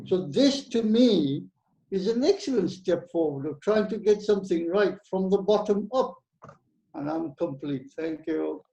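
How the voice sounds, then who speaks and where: A man's voice: sits high, lively intonation, unhurried, creaky, warm tone. A man speaking formally in a group video call discussion, ending his turn with a set phrase. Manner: formal, ends turn with "I'm complete". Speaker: participant. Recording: dull echoey call audio.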